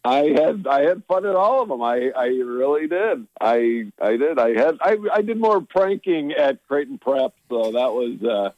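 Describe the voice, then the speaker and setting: A man's voice: medium pitch, expressive, dry recording, dull audio. Laid-back man calling in by phone. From Omaha, Nebraska. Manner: halting, self-deprecating, restarts often. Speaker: comedian guest on phone. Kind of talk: casual phone interview. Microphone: phone call.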